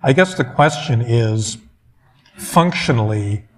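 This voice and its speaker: A man's voice: mid-range voice, expressive, takes it slowly. A man on an academic panel, speaking in a thoughtful, hedging way and restarting his thoughts as he works through an argument.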